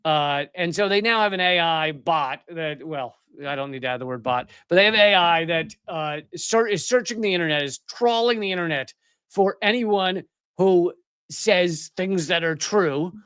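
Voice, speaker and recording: High-voiced sarcastic male show host. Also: moderate pace, a bit bright, clear, resonant tone, no room sound, studio quality. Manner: sarcastic, ranting. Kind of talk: live political commentary show.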